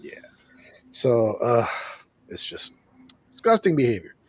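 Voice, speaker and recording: A man hosting a show, casually recapping an episode in an animated way, acting out lines and laughing often. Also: mid-range voice, takes it slowly, husky. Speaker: host of a show reviewing an episode.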